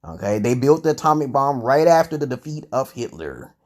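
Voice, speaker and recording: A man's voice: medium pitch, sing-song, a little fast. A man from the United States hosting a casual vlog, rambling and argumentative, stumbling over words, tagging points with "okay?" and swearing freely. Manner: curses freely and restarts words often. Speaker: channel host answering chat comments.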